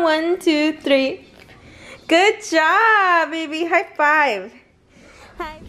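High-voiced mom doing slow baby talk. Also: female voice, animated, a bit bright, soft background music. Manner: sing-song baby talk to her toddlers; laughs often while talking. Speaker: mother filming her children. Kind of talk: casual family vlog.

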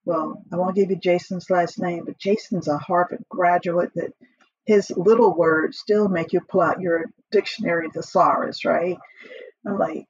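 A middle-aged woman with a husky voice, a podcast guest telling her career story in a lively way, laughing often and acting out what she said back then. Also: fairly low pitch, normal speed, dry recording, dull audio. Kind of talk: casual storytelling interview.

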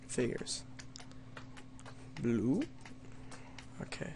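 This young gamer's mid-range voice has fairly even intonation and a moderate pace as he provides let's play commentary on an adventure map. He reads the story in a mock-dramatic tone and turns wry jokes on himself, against slight background noise.

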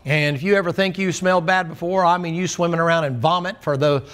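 Folksy storytelling pastor with a high tenor, animated sermon delivery. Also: male voice, fast.

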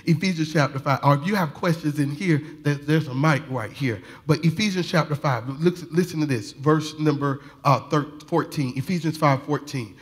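High-voiced preacher building to shouts. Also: male voice, moderate pace, hardly any pauses. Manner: folksy, building to shouted fervor, laughing often. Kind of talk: sermon. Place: church sanctuary.

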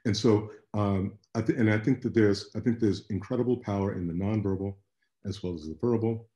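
Man, low mellow voice, halting speech with repeated words, roomy video call sound. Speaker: panelist artist. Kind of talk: virtual panel conversation.

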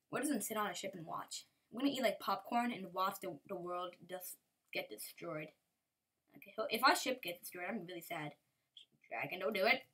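A woman's voice: medium pitch, a bit bright. A woman giving casual game commentary, giggly and rambling, with playful sing-song bits. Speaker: gameplay commentator.

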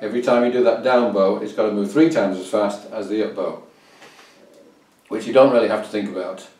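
A man's voice: fairly low pitch, fairly even intonation, a little fast, over music. Man teaching fiddle in a roomy space. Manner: counts beats aloud and hums rhythms. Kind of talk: instructional explanation. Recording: roomy, distant mic, fiddle playing.

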